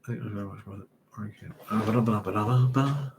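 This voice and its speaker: A man's voice: on the low side, quick pace, background noise. A man hosting a live chat, rambling and hesitant as he reads out viewer comments. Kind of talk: casual live-stream chat.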